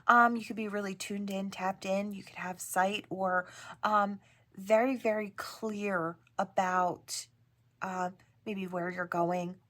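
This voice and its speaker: A woman talks her viewers through a tarot reading in a soft, meandering way. She keeps circling back with "right?" and "I wanna say". Her voice sits at a middling pitch. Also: fairly even intonation, slow pace. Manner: gentle, rambling, frequent "right?" and "I wanna say". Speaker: tarot reader.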